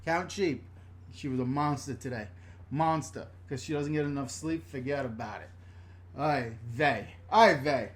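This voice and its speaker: A man's voice: mid-range voice, moderate pace. A middle-aged man from the New York and New Jersey area, hosting a casual live-stream rant from a room in his home, blunt and chatty, swearing freely and reading viewer comments aloud.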